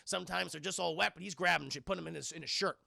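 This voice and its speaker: Gravelly, excitable male streamer. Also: fairly high pitch, very fast, no echo, studio quality. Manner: excitable and profane, keeps addressing the chat. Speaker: film reviewer and streamer. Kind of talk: casual scene-by-scene film recap to a live chat.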